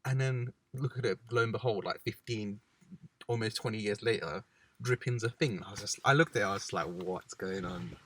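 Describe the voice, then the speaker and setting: A man's voice: lowish voice, a little fast. A young man co-hosting a casual chat, laid-back and chatty, sometimes slipping into slang voices. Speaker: podcast co-host. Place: parked car.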